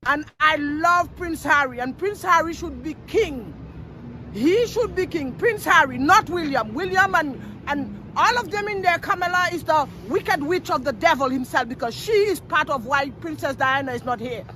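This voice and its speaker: A woman speaks up in a street interview, high and bright in tone, with fierce, emphatic conviction. Faint traffic hums behind her outdoors. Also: expressive, normal speed. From Caribbean. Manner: impassioned, indignant, emphatic.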